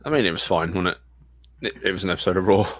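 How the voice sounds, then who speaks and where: A man's voice: low voice, racing. A man as a guest co-host in a casual podcast chat, dry and understated.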